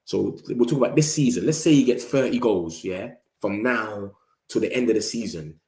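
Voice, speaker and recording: Speaking at a normal pace in a lowish, darkish voice, this young man with a London accent runs a football fan channel. His live-stream chat is casual, slangy and loose, broken up by the odd impression of rival supporters, and the recording sounds roomy.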